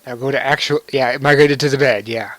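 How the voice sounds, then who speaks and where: A man's voice: mid-range voice, steady tone, fast, a bit bright, no room sound. Joking young man commenting on a game. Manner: joking, wry, laughs often. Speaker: let's play commentator.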